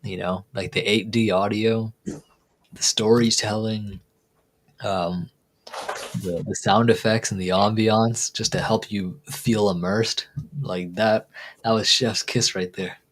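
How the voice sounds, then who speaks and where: A man's voice: on the low side, steady tone, takes it slowly. A man hosting a live stream, chatting casually and rambling with a laugh. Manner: laid-back, rambling, laughs at own jokes. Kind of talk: casual chat.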